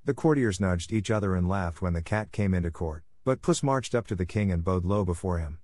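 A man narrating a fairy tale in a steady, even storytelling manner, close to the mic. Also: sits low, a little fast, no echo. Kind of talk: scripted audiobook narration.

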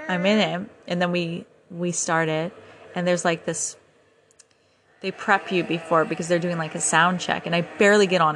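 A young woman hosts a casual podcast, retelling an event with lively, breathless energy. Her voice sits a little low, and she keeps acting out her own reactions. A faint background hiss runs under the recording. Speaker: podcast host. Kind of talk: casual storytelling monologue.

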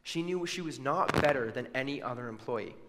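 A man's voice: mid-range voice, lively intonation, a little fast, in a large hall, very noisy. A man preaching a sermon, telling a story and acting out the people's words with casual asides. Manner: storytelling with acted-out quotes and asides.

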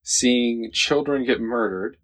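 A man's voice: mid-range voice, fairly bright tone. A man co-hosting a casual podcast, joking and laughing as he talks over a film. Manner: joking, laughs often, quick asides. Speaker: podcast co-host. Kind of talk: casual movie-discussion chat.

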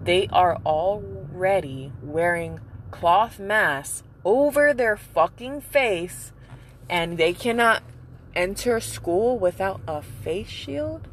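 A woman's voice: mid-range voice, lively intonation, slow. A young woman, a mother, ranting angrily with heavy swearing in a casual vlog. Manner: angry, profane, emphatic ranting. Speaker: mother venting. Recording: noisy street background.

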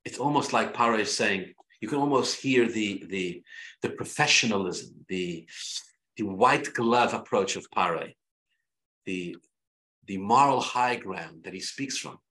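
A man, a rabbi, teaching a Torah class in an animated way, repeating himself and restarting phrases. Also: fairly low pitch, measured pace, roomy sound. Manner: animated, repetitive, many restarts.

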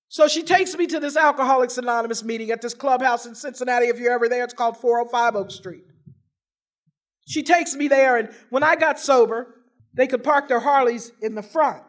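High-voiced woman telling a recovery story. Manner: animated, humorous storytelling with dramatic pauses. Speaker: recovery meeting speaker. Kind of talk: personal recovery story told to an audience.

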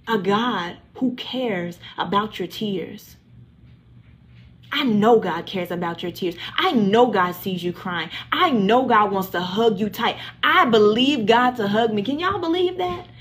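A woman's voice: fairly high pitch, lively intonation, slow pace, a bit bright. A woman leading a livestreamed Bible study, preaching with passion, repeating phrases and praying aloud over her listeners. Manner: impassioned, repetitive preaching with prayer.

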